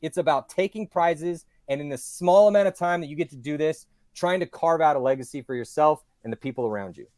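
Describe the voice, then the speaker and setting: Male podcast guest, slightly high voice, dry close sound, long-winded and animated. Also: fairly quick, few pauses, no echo. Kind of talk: casual podcast talk.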